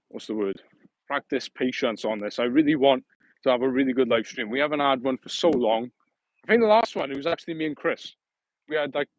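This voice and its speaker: A man's voice: mid-range voice, muffled recording. A young man chatting casually on a live stream, joking and answering viewer comments while walking outdoors.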